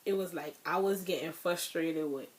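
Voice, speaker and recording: A woman's voice: sits low, normal speed. Grieving young woman telling a story. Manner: chatty, addresses viewers as y'all; emotional, grieving retelling. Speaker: vlogger. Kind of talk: casual storytime.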